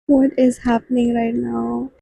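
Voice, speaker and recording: Book vlogger, female. Very mellow, breathy tone, soft-spoken and halting. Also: on the high side, level tone, no echo, low-quality recording. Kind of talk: reading-vlog reactions.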